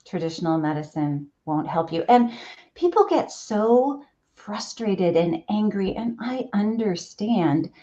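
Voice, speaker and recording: A woman's voice: mid-range voice, expressive, a little slow, warm tone. A middle-aged woman physician, speaking in an interview and explaining in an emphatic, earnest way. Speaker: physician guest. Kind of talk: conversational interview. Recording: dull lo-fi audio.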